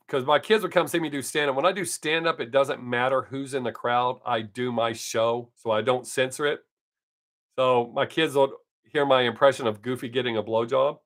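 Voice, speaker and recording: A man's voice: mid-range voice, fairly bright tone. A man in his fifties, a comic chatting casually on his live stream, rambling and joking crudely, with a slight scratch in his voice. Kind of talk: casual chat.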